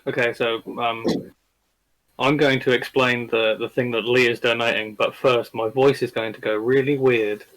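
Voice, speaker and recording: A man's voice: medium pitch, little pitch movement, normal speed, a bit bright, rough recording. A dungeon master joining a stream over a video call, chatting casually with a playful, teasing edge. He is a man with a mid-range voice. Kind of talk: casual chat.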